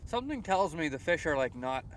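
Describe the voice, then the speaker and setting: Brisk and on the high side, a young Canadian-accented fishing livestreamer chats outdoors by the water at sunrise, with slight background noise. He reads chat aloud and answers it in a relaxed, filler-heavy way.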